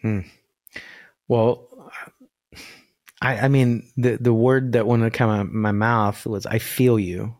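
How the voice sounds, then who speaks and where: A man's voice: mid-range voice, slow pace, pauses often, dry recording, clean studio sound. A man who works as a voice coach, talking earnestly about spirit and energy in a podcast conversation over a video call. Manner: earnest, spiritual, animated storytelling.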